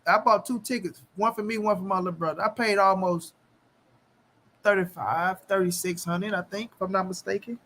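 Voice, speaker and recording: A man hosting a boxing channel, ranting casually to the camera with profanity and mocking, repetitive jeers, swinging between loud bursts and mutters. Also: high-pitched. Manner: animated, shifting quickly between loud and muttered. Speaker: boxing commentary channel host.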